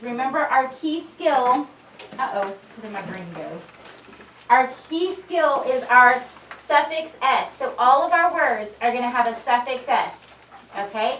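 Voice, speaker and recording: A woman teacher with a slightly high voice, walking a class through a phonics drill and stretching out each word. She sounds distant and roomy, captured from across an echoing classroom with faint noise. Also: fairly bright tone. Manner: slow, clear drilling of words. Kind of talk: phonics lesson. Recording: echoey room from a distance.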